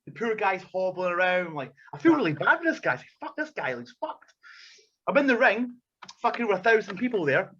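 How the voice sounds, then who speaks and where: A man with a fairly high voice tells a swearing, animated backstage story, mimicking everyone he quotes. The sound is dull and lo-fi, like call audio. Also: fast talker, slightly rough. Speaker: wrestler and podcast regular. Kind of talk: casual storytelling chat.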